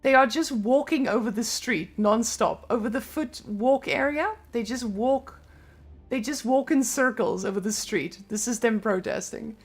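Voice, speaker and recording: A woman's voice: fairly high pitch, measured pace, breathy edge. A young adult woman with a Serbian accent, chatting casually on a live stream in loose, non-native English.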